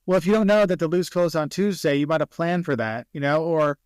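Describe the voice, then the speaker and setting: A man's voice: a little high, fairly quick, a little mellow, clean tone, dry recording. A man, a travel video creator guest in a casual podcast interview, telling stories and acting out the people he quotes.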